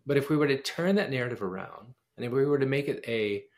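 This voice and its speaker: Man, gravelly voice, mid-range pitch, casual interview storytelling, acts out quoted dialogue. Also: lively intonation, brisk, hardly any pauses. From United States. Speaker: pianist and composer, guest.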